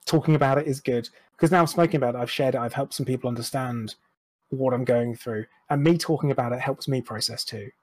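A young man with a mid-range, breathy voice talks fast as an interview guest. He's frank and rambling, restarting his sentences and tossing in self-deprecating asides in this candid personal conversation.

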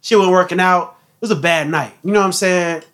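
A young man telling a story in casual chat, animated and profane, acting out what people said. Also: sits high, a little fast. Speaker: podcast host telling a story.

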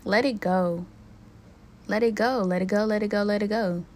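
A young woman talks straight to her listeners in a raw, profane solo podcast vent. Her voice sits at an ordinary middle pitch for a woman, and her talk is loose and conversational. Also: steady tone, moderate pace, a little mellow. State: emotionally hurt, near tears. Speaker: podcast host. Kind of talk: casual solo podcast venting.

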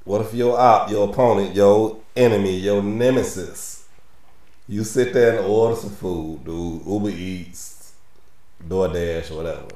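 A man's voice: fairly low pitch, steady tone, a little slow, warm tone, distant mic. A man co-hosting a sports podcast, telling a rambling story in casual chat. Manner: rambling, repeats words. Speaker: podcast co-host. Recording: roomy sound, away from the mic.

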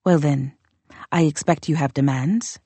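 A woman's voice: low voice, a little slow, mellow, breathy edge, no echo. A woman voicing an imperious woman ruler who drawls lightly, amused, with a threat underneath. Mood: dry amused. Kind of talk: audiobook character reading.

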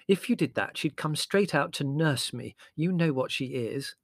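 A man voicing a vague, fussy middle-aged mother who is mild, flustered and gently reproving. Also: on the high side, moderate pace, no echo, pitched above the performer's own voice.

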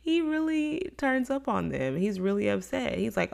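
Speaking in a mid-range voice with vocal fry, a Bible study teacher moves at a moderate pace with hardly any pauses. Her lesson is casual and conversational, and she performs quoted complaints in animated voices.

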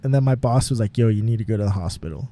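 This young man's voice is lowish, dark and expressive, and he talks rapid-fire while co-hosting a podcast from his home garage. His long, meandering story is casual, full of fillers and frequent laughter.

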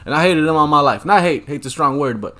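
A man's voice: on the high side, expressive, fast, bright, forceful tone. Man ranting profanely on a podcast. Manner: rambling, profane ranting with frequent ums. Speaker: podcast host. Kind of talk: solo podcast monologue.

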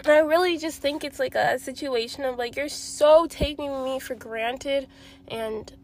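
A woman's voice: sits high, a little slow. A young woman vlogging about her breakup, sad and emotional, rambling and swearing as she talks to her viewers. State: sad, near tears. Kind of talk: confessional vlog.

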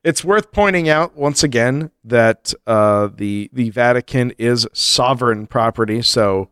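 A man co-hosting a comedy podcast, joking in a deadpan way. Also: medium pitch, a little slow, smooth, no echo, studio quality. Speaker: podcast co-host. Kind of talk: casual comedic chat.

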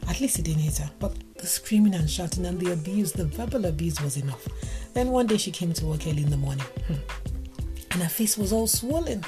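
A woman's voice: on the low side, fairly quick. A woman from Africa, telling a story and giving relationship advice, acting out the dialogue with animation. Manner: animated, acts out quoted dialogue. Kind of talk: storytelling talk. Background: music playing.

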